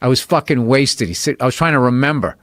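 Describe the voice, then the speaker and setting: Swearing man telling stories, lively pitch. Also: quick pace, no echo, studio quality. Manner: profane, laughing storyteller. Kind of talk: casual chat.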